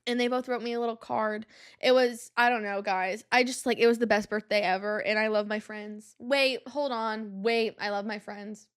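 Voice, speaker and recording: A young adult woman hosting a podcast, telling casual stories in an animated, exasperated way with lots of "like" and "um". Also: a little high, normal speed, clear, resonant tone. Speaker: podcast host. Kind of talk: casual storytelling monologue.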